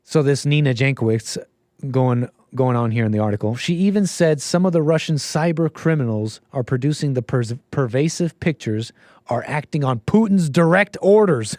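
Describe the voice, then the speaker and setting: A man's voice: medium pitch, lively intonation, moderate pace, darkish tone, no room sound, clean studio sound. A man hosting a solo commentary livestream, sarcastic and mocking, often laughing at what he reads. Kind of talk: solo political commentary stream.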